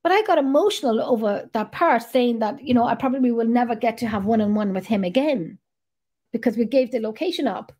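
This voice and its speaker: A middle-aged woman hosts a podcast in a fairly quick, somewhat high voice with a darkish tone. Her casual chat rambles along chattily, and she swears freely.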